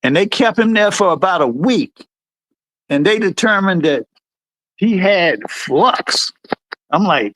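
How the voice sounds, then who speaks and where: Animated high-voiced man telling stories. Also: takes it slowly, long pauses, dry recording. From United States. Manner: animated, acts out quotes in a higher voice. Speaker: livestream host. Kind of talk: storytelling chat.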